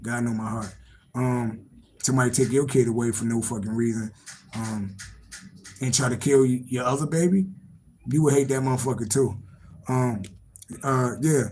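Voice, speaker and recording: A man's voice: mid-range voice, moderate pace, long pauses, darkish tone, slight background noise, rough recording. A man doing a casual live-stream tarot reading, rambling and repetitive, swearing freely and laughing to himself. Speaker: tarot reader.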